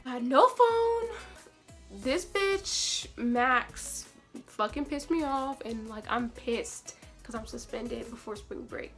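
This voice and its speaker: High, bright-voiced young woman, brash. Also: a little slow, soft background music. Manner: brash and profane, animated storytelling. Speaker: vlogger. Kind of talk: casual storytime.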